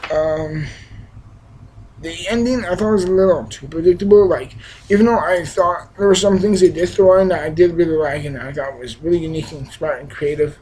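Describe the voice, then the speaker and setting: A man's voice: fairly high pitch, mellow, slight background noise, low-quality recording. A young man giving a casual, rambling film review, with frequent restarts, fillers and emphatic bursts. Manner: enthusiastic, emphatic. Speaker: movie reviewer.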